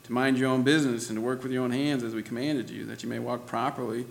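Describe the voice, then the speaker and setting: A man's voice: medium pitch, steady tone, fast talker, gravelly. A man preaching a sermon in a church, talking conversationally and laughing often, with lots of "you know" and "right?". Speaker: pastor.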